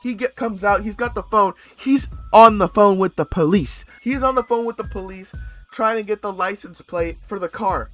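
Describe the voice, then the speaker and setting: A young man from Canada telling a story casually in a rambling, animated way, full of fillers and restarts and casual swearing. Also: high voice, normal speed, faint music behind.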